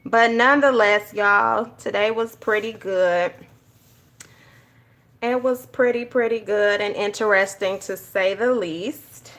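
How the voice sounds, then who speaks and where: Bright-voiced woman chatting. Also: mid-range voice, takes it slowly. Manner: animated storytelling, addresses viewers as y'all. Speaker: journaling YouTuber. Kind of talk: casual chatty vlog while journaling.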